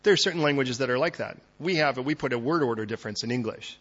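Male pastor, gravelly husky voice, sermon delivery that swings loud to hushed, dull lo-fi recording. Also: mid-range voice, quick pace.

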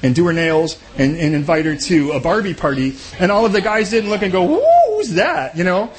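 A man with a notably high voice, preaching a sermon. He talks conversationally, throws in jokes, and briefly slips into other people's voices to make his points. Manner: conversational and joking, acts out quick voices. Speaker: pastor.

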